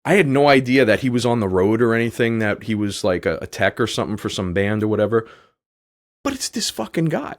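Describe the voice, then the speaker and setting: A man's voice: lowish voice, big pitch swings, fairly quick. A man hosting a podcast and telling a long story casually, rambling and filling his talk with "like". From New York. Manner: rambling, heavy use of "like". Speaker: podcast host.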